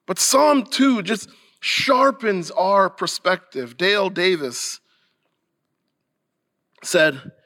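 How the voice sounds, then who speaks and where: A man's voice: sits high, drawn-out words, long pauses, bright, forceful tone. A male pastor preaching a sermon earnestly and emphatically, sometimes restarting a phrase.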